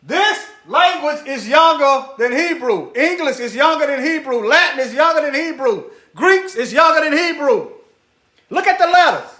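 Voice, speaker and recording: A man's voice: extremely high pitch, animated, normal speed, few pauses, bright, forceful tone, roomy sound. A man giving preachy commentary over a screen share. He talks straight to his viewers, repeats phrases for emphasis, and mutters asides while he searches.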